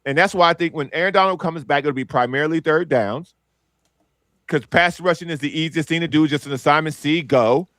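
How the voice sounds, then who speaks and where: A man's voice: on the high side, brisk, a bit bright, dry recording, studio quality. A man on a casual sports talk podcast, arguing with hype and answering his own rhetorical questions.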